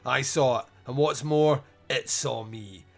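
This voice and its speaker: A rattled male eyewitness pleading to be believed, voiced by a man retelling the scene. His voice sits at a middle pitch, and faint music plays behind him. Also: a little slow, creaky. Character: frantic adult male eyewitness, insistent and rattled.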